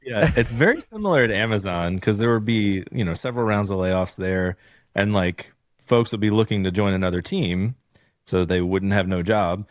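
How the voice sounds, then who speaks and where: Laid-back low-voiced man on a dry mic. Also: normal speed, dry recording. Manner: laid-back, frequent "like" fillers, swears casually. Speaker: podcast host. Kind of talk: casual podcast chat.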